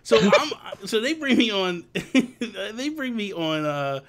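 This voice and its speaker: A man hosting a relaxed live chat, spinning gaming stories with quick acted-out quotes. His voice sits a little high and swings widely in pitch. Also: very noisy. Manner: animated storyteller, acts out quotes. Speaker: host. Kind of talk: casual chat.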